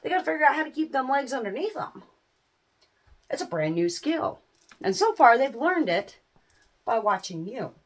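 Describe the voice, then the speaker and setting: A middle-aged woman talking casually to parents in a folksy, animated way, laughing often. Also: sits high, normal speed, long pauses. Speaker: small business owner giving parenting advice. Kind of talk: casual chat to camera.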